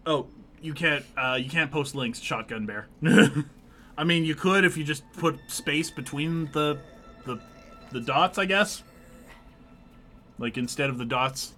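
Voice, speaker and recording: A man's voice: fairly high pitch, a little slow, long pauses, sharp tone, slight background noise. A man co-hosting a casual live stream, rambling with many fillers and restarts and reading chat comments aloud. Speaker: streamer co-host.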